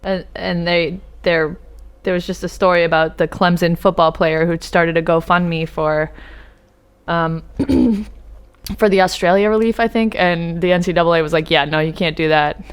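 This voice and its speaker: A woman's voice: lowish voice, normal speed, clear, resonant tone. A woman co-hosting a podcast in casual chat, bantering and laughing often. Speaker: podcast co-host.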